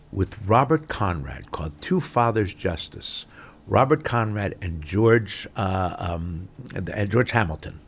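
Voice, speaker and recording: A man, a guest actor telling stories in an animated interview chat, swinging between loud bursts and mutters. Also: low-pitched, gravelly, slight background noise.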